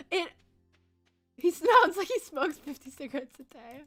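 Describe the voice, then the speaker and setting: A woman's voice: extremely high pitch, a bit bright. A young woman chatting casually with her viewers while playing a game, giggly and full of fillers. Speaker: game streamer. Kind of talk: casual chat while gaming.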